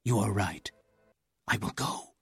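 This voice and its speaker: A man voicing a gallant masked male outlaw, speaking low, hushed and gentle. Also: a little slow, gravelly, husky, no echo, exaggerated voice. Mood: calm.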